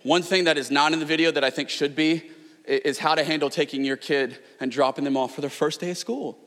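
High, bright-voiced preacher man in a hall. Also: brisk. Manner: animated storytelling, rising to near-shouts. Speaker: pastor. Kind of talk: sermon. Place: large church hall. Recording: long hall reverb.

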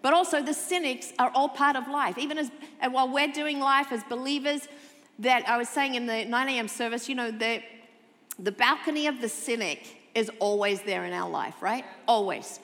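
A woman pastor preaching a sermon, expressive, moving between loud emphasis and soft, intimate tones. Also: a little high, normal speed, big-room sound. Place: church sanctuary.

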